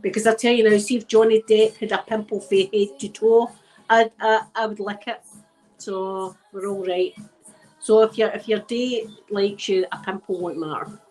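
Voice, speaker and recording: Scottish woman a bit drunk, rambling chat to her viewers, mid pitch, faint music behind. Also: fairly even intonation, normal speed, darkish tone, rough recording. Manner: rambling, frank and chatty, with frequent restarts. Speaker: ASMR channel host. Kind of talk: casual live chat with viewers.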